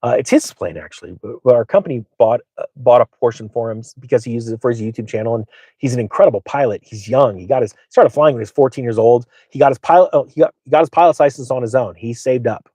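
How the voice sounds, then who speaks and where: A middle-aged man who hosts a finance channel, talking in a mid-range voice with a dry, close sound. He tells casual, rambling stories in an excitable, boastful way and uses lots of fillers. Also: medium pitch, fast talker, breathy edge, dry recording. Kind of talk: casual storytelling monologue.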